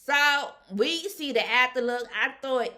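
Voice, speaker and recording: A woman giving a casual, animated recap of a reality show episode, chatting colloquially and laughing often. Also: high voice, measured pace.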